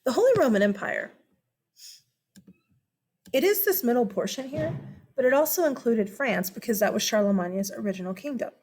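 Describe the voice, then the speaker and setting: An American woman giving a casual, animated history lesson, chatty and full of asides and check-ins. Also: on the high side, moderate pace, long pauses. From United States. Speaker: history teacher. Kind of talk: casual classroom-style lecture.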